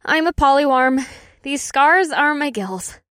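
A man putting on a spirited young blonde woman with a high, bright girlish voice. She sounds quick and lively, speaking close up in a dry, dead room with no echo, like a storybook audiobook. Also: heavily acted. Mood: earnest. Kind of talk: audiobook character voice.

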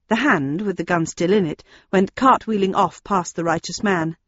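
A woman reading a novel aloud in the first person, with measured, steady storytelling. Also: on the low side, dry recording, muffled recording. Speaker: audiobook narrator. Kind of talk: first-person audiobook narration.

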